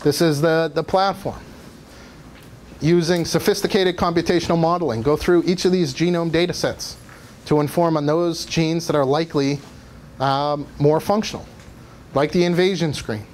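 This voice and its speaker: A man's voice: fairly high pitch, steady tone, moderate pace, darkish tone. A man giving a university guest lecture, explaining methods step by step and now and then asking the audience questions. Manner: explanatory, asks audience questions, some fillers. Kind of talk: academic lecture. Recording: faint background noise.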